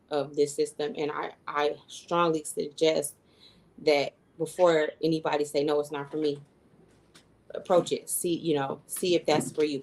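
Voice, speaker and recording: A woman's voice: low-pitched, rough recording. A woman in her thirties, a guest coach, earnestly telling her personal story in an interview, with fillers and little self-quotes. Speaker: guest, human design coach and astrologer.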